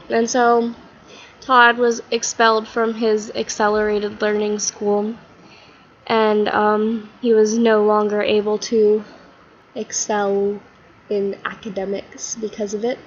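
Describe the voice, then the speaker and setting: A woman's voice: medium pitch, monotone, slow, muffled recording, slight background noise. A woman vlogger telling a story in a casual, rambling way with lots of fillers.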